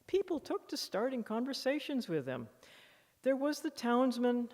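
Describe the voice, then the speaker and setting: A woman author giving a public lecture, reading from her book with expressive, animated emphasis at a podium microphone. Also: a little high, normal speed. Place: lecture hall in a library museum. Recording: long reverb of a lecture hall.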